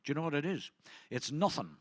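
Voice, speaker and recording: A man's voice: on the high side, sing-song, fast talker, no room sound. A middle-aged man doing a stand-up comedy set, rambling and chatty as he teases the audience. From Ireland.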